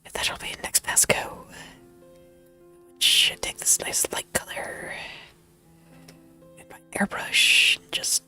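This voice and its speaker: A woman streamer who has lost her voice, chatting to herself in a soft, playful whisper while she draws, close to a very sensitive mic. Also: slow, long pauses, faint music behind. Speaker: streamer drawing digital art. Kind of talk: casual chat while drawing. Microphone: high-sensitivity desk mic, close.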